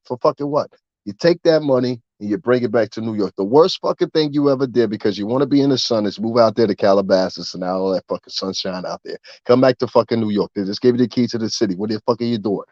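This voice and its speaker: A man talking straight to camera in a profane, rambling rant about the music industry, getting louder and more animated as he goes. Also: fairly low pitch, fast, no echo, highs cut off. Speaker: vlogger. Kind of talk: ranting commentary.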